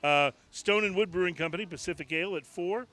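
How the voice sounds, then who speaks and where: In a bar, a male podcast co-host chats casually, meandering through a list with many fillers and restarts. He has a high-pitched voice, a quick pace, and a fairly bright tone.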